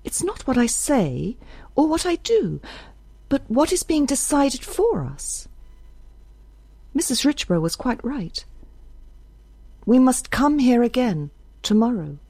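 A woman's voice: high-pitched, sing-song, takes it slowly, pauses often, warm tone, dry recording, voice pushed up, heavily acted. A woman voicing a cool, determined young woman who speaks dryly and intensely in an audiobook. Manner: dry, intense.

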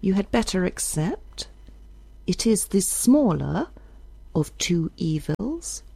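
A woman's voice: medium pitch, big pitch swings, slow, creaky, warm tone, slightly rough, no room sound, pitched above the performer's own voice, exaggerated voice. A woman voicing a cool, determined young woman who speaks dryly and intensely in an audiobook. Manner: dry, intense.

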